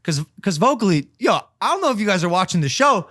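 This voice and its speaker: A young man in his twenties hosting a podcast, telling stories in an animated, casual way with swearing. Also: high voice, fast talker, hardly any pauses, no echo, studio quality. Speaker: podcast host. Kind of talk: casual chat.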